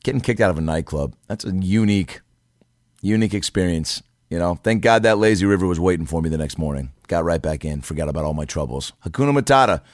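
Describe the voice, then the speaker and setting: Young man, casual storyteller, low voice, dry close sound, swears freely, acts out the quotes. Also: fast, no room sound. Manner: animated, profane, acts out quotes in a higher voice.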